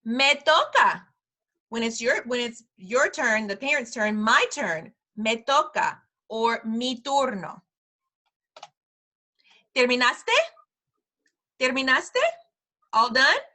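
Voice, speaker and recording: A woman teaches a casual parent class with a bright, clear voice that sits a little high. She repeats each phrase slowly for the learners and laughs easily between them. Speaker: preschool director teaching a parent Spanish class. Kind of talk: friendly language lesson.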